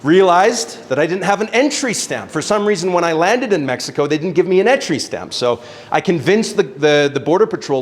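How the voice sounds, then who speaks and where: A young adult man telling a casual, animated story as a speaker at a networking event, swearing now and then. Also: on the high side, fairly quick. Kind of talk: storytelling talk on stage. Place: event venue with live audience.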